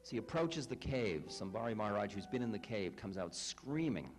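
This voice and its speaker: A man's voice: lowish voice, big pitch swings, fairly quick, faint music behind. A man who is a spiritual teacher and author tells stories and reads aloud to a live group. He makes wry, self-deprecating asides. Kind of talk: storytelling talk and reading aloud.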